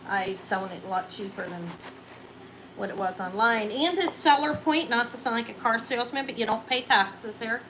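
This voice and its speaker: A middle-aged woman running a live jewelry auction, chatting excitably and counting down each sale. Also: fairly high pitch, normal speed, slight background noise, rough recording. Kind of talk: live-stream sales chat.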